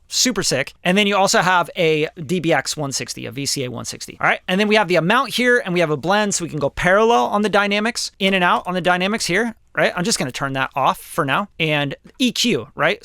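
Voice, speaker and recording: A man's voice: high-pitched, bright, forceful tone, dry recording, studio quality. A man, a music producer, giving a casual plugin tutorial in an enthusiastic, joking, slangy way. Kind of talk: casual screen-recorded tutorial.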